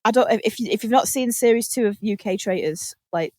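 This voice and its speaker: A British woman hosting a podcast, telling animated stories in casual chat, laughing often and swearing casually. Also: on the high side, brisk, no room sound. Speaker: podcast host.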